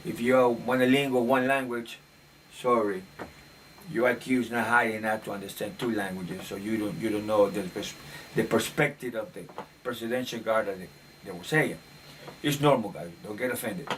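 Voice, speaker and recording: A man's voice: lowish voice, fairly even intonation, moderate pace, fairly bright tone, slight background noise. Opinionated man rambling off-mic. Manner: opinionated, rambling, with filler restarts. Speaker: commentator. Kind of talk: casual monologue on current events. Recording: distant mic, faint room ambience.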